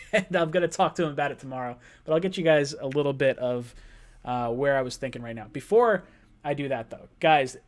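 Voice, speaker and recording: A man hosting a live-stream sports podcast, talking casually and playfully with his chat, with quick bursts of speech. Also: mid-range voice. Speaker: podcast host.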